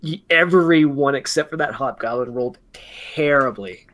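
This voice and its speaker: A young man running a tabletop game as dungeon master, narrating with many fillers and pauses. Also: mid-range voice, crowd noise.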